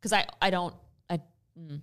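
A woman's voice: on the low side, fairly bright tone, clear, resonant tone. A woman in her late thirties co-hosting a casual chat, rambling and cutting herself off. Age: 30s. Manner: fast, rambling, self-interrupting.

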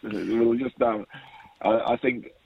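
A man's voice: mid-range voice, fairly even intonation, slow pace, creaky, breathy edge, no echo, lo-fi sound. A man on a radio racing panel, teasing the others. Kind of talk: casual radio panel chat.

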